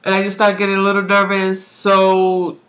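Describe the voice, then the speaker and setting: Chatty young woman, bright voice. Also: medium pitch, completely flat delivery, normal speed. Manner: chatty, rambling, full of "like"; acts out quoted voices, laughs often. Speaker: vlogger. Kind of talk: casual pregnancy vlog.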